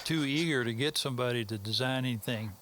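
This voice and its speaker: Here the same kind of speaker, a Texan man who works as a mastering engineer, tells a lengthy tale as an interview guest, talking fast with a folksy, easygoing ramble. "So anyway" and similar fillers crop up often, his pitch is typical mid-range male, and there's a little hiss or hum on the audio.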